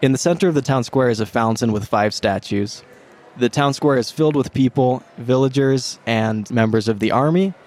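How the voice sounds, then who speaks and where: A man narrating as game master in a tabletop game, with an ordinary middle pitch. His delivery is steady and descriptive. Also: moderate pace.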